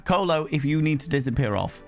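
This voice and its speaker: A man live-streaming and chatting to his viewers, loud, brash and theatrical, swearing freely. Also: fairly high pitch, lively intonation, brisk, gravelly, soft background music.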